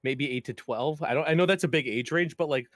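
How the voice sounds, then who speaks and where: Chatty laid-back podcast dad. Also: male voice, a little high, fairly quick, fairly bright tone, dry recording, clean studio sound. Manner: chatty, laughs often, rambling asides. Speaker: podcast co-host. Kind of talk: casual chat.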